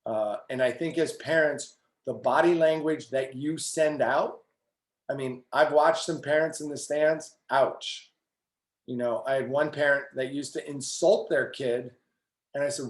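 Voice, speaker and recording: Lively middle-aged male coach. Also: fairly high pitch, moderate pace, echoey room. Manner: animated storytelling with quoted asides and repeated "you know". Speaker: tennis coach. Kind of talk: webinar talk.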